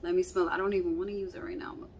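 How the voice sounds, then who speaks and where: A woman vlogger chatting casually as she unboxes fan mail, gushing and excitable, calling everything cute over and over. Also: fairly low pitch, racing, a little hiss or hum.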